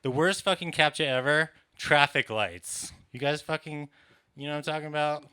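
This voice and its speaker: A man's voice: fairly high pitch, fairly even intonation, normal speed, sharp tone, smooth. A man doing a stand-up set, ranting in an exasperated, profane way. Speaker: stand-up comedian. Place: comedy club stage.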